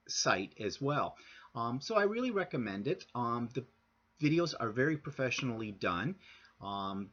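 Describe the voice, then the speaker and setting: A man's voice: medium pitch, a bit bright. A man recommending a website on his vlog, hesitant and full of ums. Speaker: vlogger recommending a site. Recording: dull lo-fi sound.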